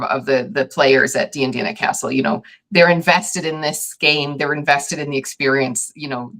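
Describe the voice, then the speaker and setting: Low-voiced woman asking relaxed questions. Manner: relaxed, rambling questions with fillers. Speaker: interviewer host. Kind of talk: casual interview chat.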